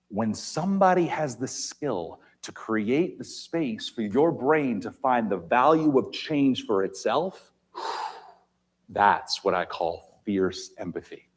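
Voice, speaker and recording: On stage in a large auditorium, a man gives an inspirational talk in a medium-pitched voice. He's emphatic and swings between loud and quiet.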